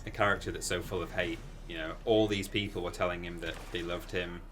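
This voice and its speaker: A man chatting casually while streaming a video game, rambling and bursting into excited exclamations. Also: low voice, brisk, background noise. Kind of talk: casual gaming stream commentary.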